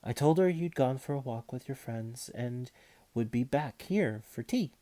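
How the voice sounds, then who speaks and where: A man reading aloud voices a kindly mother who speaks softly and gently. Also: mid-range voice, animated, unhurried, lightly acted. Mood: gentle. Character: kindly, tidy mother of a family.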